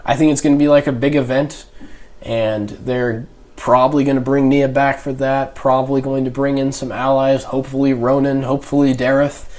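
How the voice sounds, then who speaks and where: A man's voice: medium pitch, level tone, normal speed, a little mellow. A young man talking through a casual spoken review, rambling with lots of fillers and restarts. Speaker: YouTube reviewer.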